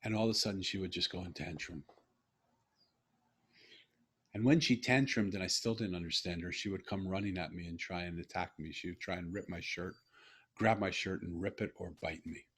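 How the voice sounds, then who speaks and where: Husky low-voiced middle-aged man. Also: quick pace, a bit bright. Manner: earnest, heartfelt, with frequent restarts. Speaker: guest author and speaker. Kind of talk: podcast interview storytelling.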